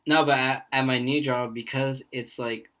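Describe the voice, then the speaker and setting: A man's voice: medium pitch, fairly even intonation, normal speed, sharp tone. Rambling young man telling work stories. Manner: rambling storyteller who acts out quoted voices. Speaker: podcast co-host. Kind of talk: casual podcast chat.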